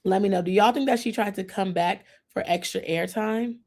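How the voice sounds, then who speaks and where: Brief: female host, mid-pitched voice, casual gossipy TV recap, opinionated, acts out quotes. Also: moderate pace, a little mellow.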